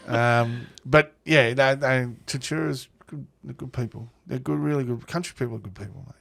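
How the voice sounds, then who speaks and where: A man's voice: medium pitch, normal speed, creaky, a bit bright, dry recording. A middle-aged Australian man, a football coach, chatting as a podcast guest and telling stories with laughs. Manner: blokey storytelling, laughs often. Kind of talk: casual chat.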